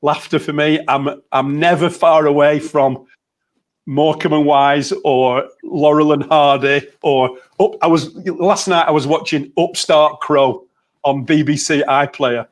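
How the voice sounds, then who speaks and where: Man, chatty storyteller, laughs easily, slightly high voice, video call. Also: steady tone, a little slow. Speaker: motivational coach. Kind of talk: casual group chat.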